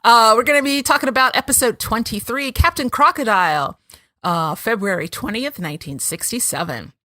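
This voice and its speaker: A woman's voice: a little high, a little fast, pushed and bright, no room sound, clean studio sound. A woman hosting a podcast, chatting casually and laughing often as she reads out episode notes. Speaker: podcast host.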